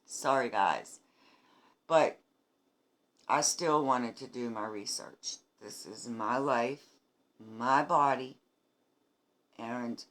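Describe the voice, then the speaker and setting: A woman's voice: very deep voice, a bit bright. A woman in her fifties from New England who speaks to viewers in an earnest, emphatic video diary about her treatment. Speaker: cancer patient sharing her treatment journey. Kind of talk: heartfelt personal video diary.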